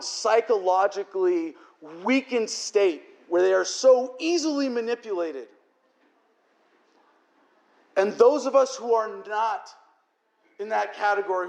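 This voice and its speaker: A man's voice: sits high, vocal fry. A man giving an emotional, profane political speech to a crowd, his voice cracking toward tears as he rants. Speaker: political speaker. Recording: echoey hall.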